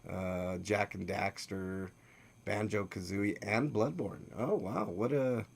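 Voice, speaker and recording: A man with a lowish, gravelly, breathy voice hosts a casual gaming news podcast, speaking slowly. He reads game news stories peppered with "uh"s and teases his co-host, in the loose style of a livestream chat.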